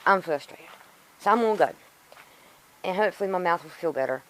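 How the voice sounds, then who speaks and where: A woman's voice: on the low side, a little fast, background noise. A woman rambling casually to her vlog camera, frustrated and in pain from a sore tooth. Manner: rambling, frustrated, self-talking. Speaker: vlogger. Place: outdoors in a yard.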